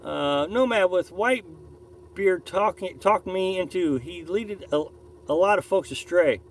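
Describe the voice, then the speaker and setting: A man's voice: high voice, expressive, unhurried, slight background noise, rough recording. A man from Missouri hosting a casual live stream from his camper, rambling and opinionated as he reads viewer comments. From Missouri, USA. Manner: rambling, repeats and restarts, opinionated. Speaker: live-stream host reading viewer chat. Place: camper on a beach campsite.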